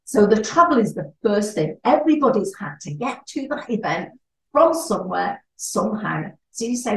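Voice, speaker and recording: A woman, a networking trainer giving a lively presentation talk and acting out little dialogues. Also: medium pitch, moderate pace, vocal fry. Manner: animated, acts out little dialogues. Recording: echoey room, distant mic.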